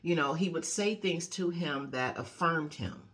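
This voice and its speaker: A woman life coach giving a casual motivational talk, conversational and lively, often adding "you know" and "okay". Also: a little slow. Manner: animated storyteller, acting out quotes with big pitch jumps.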